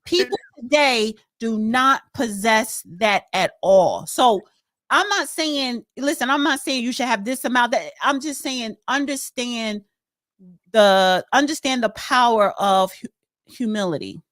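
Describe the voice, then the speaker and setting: A woman co-hosting a live talk show, expressive and casual, calling listeners honey. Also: fairly high pitch, unhurried, dry recording, studio quality. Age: 40s or older. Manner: expressive, calls people honey. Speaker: co-host.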